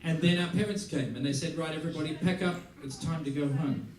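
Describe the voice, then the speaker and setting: In a large theater hall, an Australian musician teaching a masterclass tells stories animatedly to an audience, acting out what people said and laughing often. His voice is on the high side and quick. The hall is echoey, and he sounds far from the mic.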